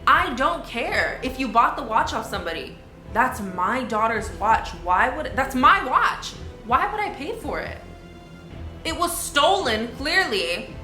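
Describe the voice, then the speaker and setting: A woman's voice: high-pitched, sing-song, a little slow, pushed and bright, echoey room, faint music behind. A young woman vlogger telling a storytime vlog in an indignant, conversational way, with many fillers.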